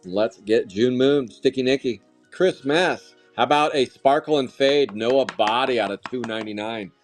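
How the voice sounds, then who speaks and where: A man hosting a live trading card break, calling out pulls with loud, excitable, jokey hype. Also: medium pitch, moderate pace. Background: faint music.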